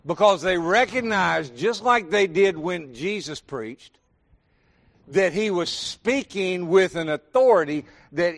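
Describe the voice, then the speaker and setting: High-voiced Southern preacher. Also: male voice, fairly bright tone. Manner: folksy, addresses congregation with questions and "y'all". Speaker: pastor. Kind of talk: sermon.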